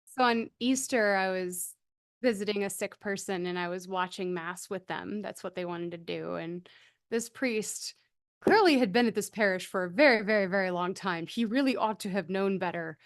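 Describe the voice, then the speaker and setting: A woman panelist telling an animated, lively anecdote in casual conversation. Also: mid-range voice, moderate pace. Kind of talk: casual storytelling.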